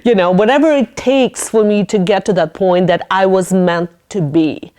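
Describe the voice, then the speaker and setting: In a mid-range voice at normal speed, a woman hosting a podcast tells lively stories during casual interview talk. She laughs frequently and voices her own thoughts loudly as if acting them out.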